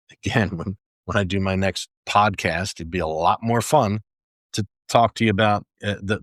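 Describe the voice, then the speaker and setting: A man's voice: low voice, no echo, studio quality. An older man hosting a solo podcast, talking in an easygoing, self-deprecating way. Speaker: podcast host.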